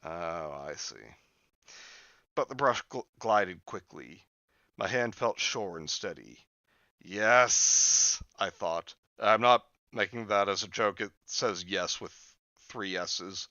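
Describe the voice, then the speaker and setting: A man with a fairly low but bright, lively voice reads a horror story aloud and breaks off for jokey asides. The recording is dry and a little dull, like a lo-fi home mic. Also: slow pace, no room sound. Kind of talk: storybook reading mixed with joking commentary.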